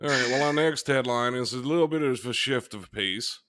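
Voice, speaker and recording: A man's voice: medium pitch, brisk, a loud crowd. A man co-hosting a casual talk show, reading out news headlines and cracking dry jokes in between. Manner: dry, wisecracking.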